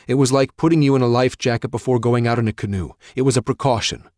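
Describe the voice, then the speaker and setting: A man's voice: mid-range voice, steady tone, quick pace, a little mellow, dry recording, clean studio sound, voice pushed up, natural voice. A man voicing an anxious, protective father who pleads and defends himself. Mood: defensive.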